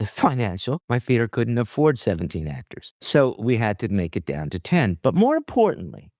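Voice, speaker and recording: A man who is a theater director and acting teacher, explaining acting technique in an interview in an animated, emphatic, teacherly way. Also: fairly low pitch, moderate pace, no room sound, clean studio sound.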